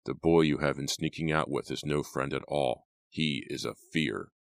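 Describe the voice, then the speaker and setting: A man voicing a stern, angry middle-aged father who speaks slowly through clenched teeth. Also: a bass voice, creaky, no room sound. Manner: slow, clenched, menacing.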